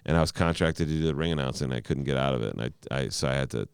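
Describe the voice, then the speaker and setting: A man, a stand-up comedian, telling stories on a podcast in a casual, animated way, with stammered restarts and frequent swearing. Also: rumbling low, very fast, creaky, clear, resonant tone, no room sound, studio quality.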